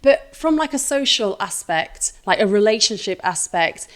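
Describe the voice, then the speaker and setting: A woman's voice: mid-range voice, expressive, moderate pace. An English woman hosting an interview, asking friendly questions in casual conversation. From England. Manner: friendly, asks questions, brief backchannels. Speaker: host.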